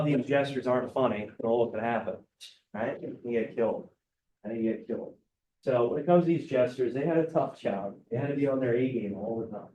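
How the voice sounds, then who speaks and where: A man's voice: mid-range voice, a little mellow, slight background noise. A male teacher giving a casual classroom lecture, often checking in with "right?". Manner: casual, keeps asking "right?". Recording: roomy classroom, mic far off.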